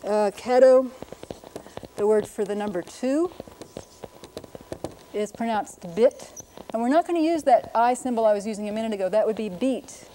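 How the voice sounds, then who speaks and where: A woman's voice: a little high, moderate pace, long pauses, warm tone, slight background noise, low-quality recording. A middle-aged woman, a linguist, giving an educational lecture, patiently explaining and carefully demonstrating pronunciations. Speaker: linguist presenter.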